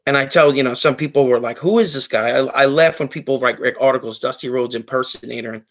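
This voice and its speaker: A man's voice: medium pitch, fast talker, hardly any pauses, a bit bright, dull audio, a little hiss or hum. Rambling man telling a heartfelt story. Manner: rambling, with many fillers and restarts. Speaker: podcast guest. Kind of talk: emotional storytelling in casual chat.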